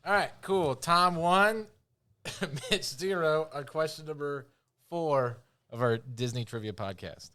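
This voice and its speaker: A man's voice: on the high side, slow, pushed and bright. A man co-hosting a casual podcast, running a trivia quiz and teasing the others with frequent laughs. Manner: teasing quizmaster, laughs often.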